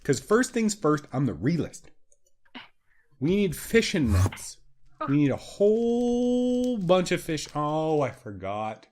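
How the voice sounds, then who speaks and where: A man's voice: on the high side, very animated, slow, a little mellow. A man co-hosting a video game let's play, rambling and joking in casual chat.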